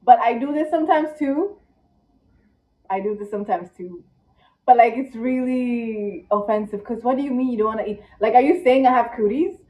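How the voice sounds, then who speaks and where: A woman's voice: moderate pace, darkish tone. Tired chatty young woman in echoey room. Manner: chatty, dramatic, jumps to squeaky rhetorical questions. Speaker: vlogger. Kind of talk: casual one-take vlog chat. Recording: echoey room, distant, dull mic.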